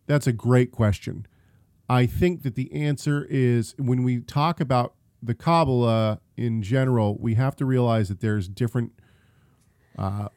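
A man's voice: mid-range voice, darkish tone, no echo. A man co-hosting a theology podcast, reading listener questions in a casual, hesitant way with frequent ums and restarts. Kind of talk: casual chat about theology.

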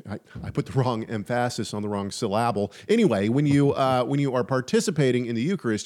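A man co-hosting a casual faith podcast, talking in an animated, chatty way with frequent restarts and asides. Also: mid-range voice. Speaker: podcast co-host.

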